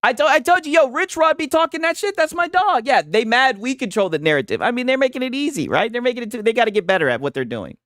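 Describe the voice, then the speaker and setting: A man hosting a stream, giving animated, profane reaction commentary and trash talk. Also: very high-pitched, fast, few pauses, dry recording, studio quality. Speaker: streamer host.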